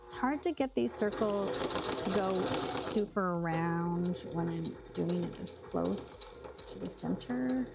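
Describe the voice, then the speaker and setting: A woman's voice: lowish voice, takes it slowly, vocal fry, noisy background. A young woman from Canada hosting a sewing livestream, chatting casually with viewers and laughing often as she thinks aloud. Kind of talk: casual chat while sewing, reading viewer comments.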